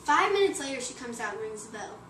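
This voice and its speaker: A woman's voice: on the high side, very animated, quick pace. A teenage girl telling a long joke to friends in a chatty, rambling way, full of "like" and "he's like". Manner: chatty, filler-heavy storytelling. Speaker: joke teller. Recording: far-off echoey room with loud background noise.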